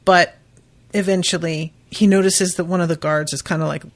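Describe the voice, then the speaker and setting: A woman's voice: lowish voice, fairly even intonation, moderate pace. Woman doing a laid back book recap podcast, rambly, says like a lot, cusses. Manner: loose and chatty, with lots of fillers and casual swearing. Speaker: podcast host.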